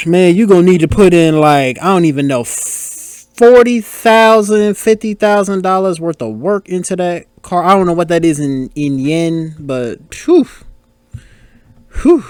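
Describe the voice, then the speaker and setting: In a dry, studio-quality recording, a male podcast host with a high, lively voice talks at an unhurried pace. He riffs casually over a movie, exclaiming and cracking jokes at the characters as the scenes unfold.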